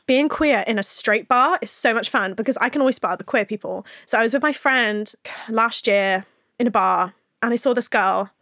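Frank, high-voiced woman host. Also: normal speed, a bit bright, dry recording, studio quality. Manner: frank, swears freely, laughs often. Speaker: podcast host. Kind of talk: candid casual chat.

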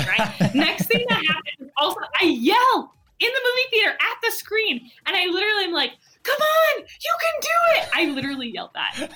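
A woman guest telling a personal story in an animated, excitable way, peppering her speech with "like". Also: high-pitched. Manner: excitable, heavy use of "like". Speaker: guest entrepreneur.

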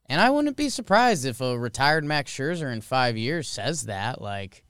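A man's voice: medium pitch, normal speed, clean tone, no echo. A man co-hosting a podcast, chatting casually and jokily about sports. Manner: animated, joking, rambling. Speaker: podcast co-host.

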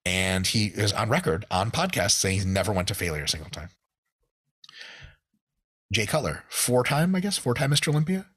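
A man's voice: on the low side, very animated, moderate pace, pauses often, fairly bright tone, husky. A man in casual podcast chat, ranting animatedly with plenty of swearing. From United States. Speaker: podcast guest.

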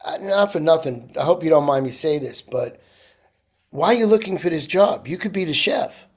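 A man's voice: a little high, expressive, moderate pace, slightly rough. A man, a chef telling stories in casual chat, full of "you know". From New York. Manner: rambling storyteller, frequent "you know".

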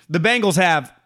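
A man co-hosting a sports betting podcast, talking in a rambling, animated way with frequent swearing and laughs. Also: fairly high pitch. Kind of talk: casual sports chat.

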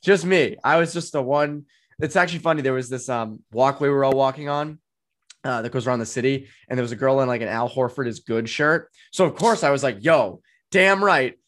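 A man with a Boston accent hosting a casual sports podcast, animated and chatty, his voice jumping up when he gets excited, with frequent ums and restarts. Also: mid-range voice, a little fast. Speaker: podcast host.

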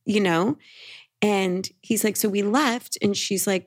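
A woman tells a story on her podcast in a loose, chatty way, stringing quotes together with "he's like" and "she's like." Her voice sits at an ordinary middle pitch. She sounds animated and at ease. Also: slow. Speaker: podcast co-host. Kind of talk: casual storytelling.

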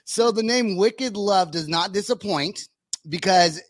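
A man's voice: a little high, normal speed, no echo. A man in his thirties from California hosting a podcast, chatting casually with crude, profane jokes. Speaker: podcast host. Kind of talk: casual chat.

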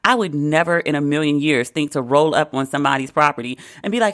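Talking fast and barely pausing, a US podcast host riffs through casual comedic commentary in a mid-range voice. He's blunt and sarcastic, swears a lot, and throws in animated asides.

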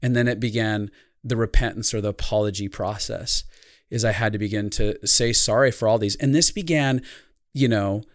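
Low-voiced earnest man, dry close mic. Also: normal speed, dry recording. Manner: earnest, reflective storytelling. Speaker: podcast guest, life consultant. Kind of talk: podcast interview conversation.

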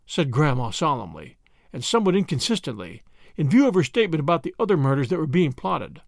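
A man narrating a classic story aloud in an expressive, animated way. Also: fairly high pitch, a little fast, creaky, no echo, clean studio sound.

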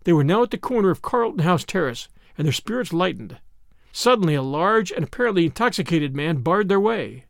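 A man narrating a novel in an expressive storytelling manner. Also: high voice, a little fast, gravelly, dry recording, studio quality. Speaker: audiobook narrator. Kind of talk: scripted narration.

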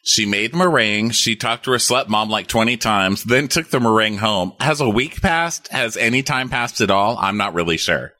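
A man's voice: lowish voice, moderate pace, hardly any pauses, no echo. A man co-hosting a podcast, chatting casually and mockingly while recapping a movie. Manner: animated, mocking, jokey. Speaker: podcast co-host.

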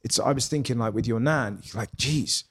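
A man with a mid-range voice talks in a relaxed, reflective way, and many of his phrases trail off. It sounds like a guest speaking casually across a table in a pub. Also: medium pitch, normal speed, slightly rough. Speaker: comedian guest. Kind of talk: casual chat.

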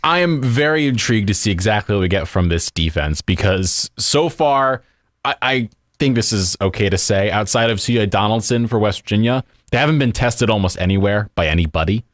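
A man in casual sports talk who keeps a joking, sarcastic edge in his voice. His pitch sits in an ordinary range. The recording is dry, with little room sound. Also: animated, fairly quick, dry recording.

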